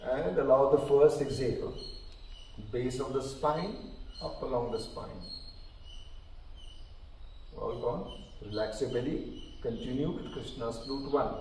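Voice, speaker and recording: A man calmly guiding a group through yoga breathing and counting, slightly out of breath. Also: medium pitch. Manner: calm, counting slowly, gently checking in. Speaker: yoga instructor. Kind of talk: guided breathing instruction. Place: large hall at a live session. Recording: very echoey hall, distant mic, faint noise.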